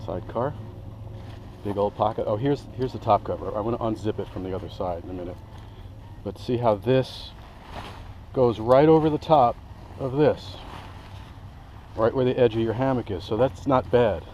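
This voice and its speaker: A man with a fairly low, mellow voice talks at a normal speed with long pauses, and the recording has its highs cut off plus a little hiss or hum. He's an outdoor gear reviewer showing his hammock setup among the trees in a casual vlog. He rambles enthusiastically and keeps interrupting himself.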